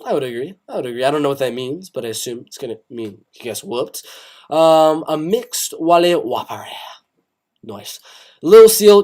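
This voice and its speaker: A young man hosting a casual live stream on fights, reading chat aloud and rambling with many repeated phrases. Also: on the high side. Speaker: MMA live stream host.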